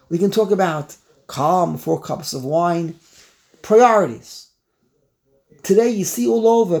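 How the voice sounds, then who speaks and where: A man giving an animated Torah class, repeating phrases and mixing in Hebrew and Yiddish words. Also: sits high, vocal fry. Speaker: rabbi teaching. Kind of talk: Torah class on the Passover Haggadah.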